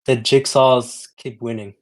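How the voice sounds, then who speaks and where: A man's voice: mid-range voice, steady tone, measured pace. A man co-hosting a casual podcast about horror films, speaking hesitantly with many fillers and restarts. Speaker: podcast co-host. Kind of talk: casual movie-review chat.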